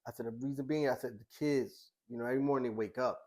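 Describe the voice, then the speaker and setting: A middle-aged man speaking at an ordinary, mid-range pitch as he tells a heavy personal story to a podcast host. His speech is colloquial and earnest, full of restarts and acted-out quoted dialogue. At times his voice sinks to a hush. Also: fairly even intonation. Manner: halting with restarts, softening to a hushed voice. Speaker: boxing coach and social worker, podcast guest.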